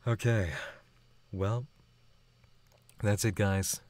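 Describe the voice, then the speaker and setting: A man's voice: sits low, normal speed, pauses often, a little mellow, no room sound. A man hosting a live stream who reads viewer chats aloud and answers in a chatty, affectionate way, laughing often. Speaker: channel host.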